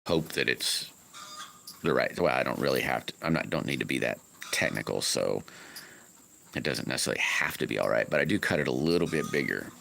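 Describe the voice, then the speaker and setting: This slingshot maker hosts a relaxed live stream from his wooded home, chatting about his workshop in a meandering way and frequently correcting himself. He speaks with an extremely low pitch, vocal fry, and a slightly bright quality over faint background noise.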